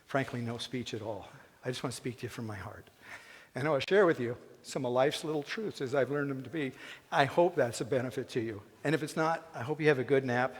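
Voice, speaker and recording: A man's voice: medium pitch, a little fast, slight background noise. Folksy man speaking in a reverberant theatre. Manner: folksy and joking, then earnest and emotional. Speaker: commencement speaker. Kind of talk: personal commencement speech. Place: theatre stage. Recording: long hall reverb in a theatre.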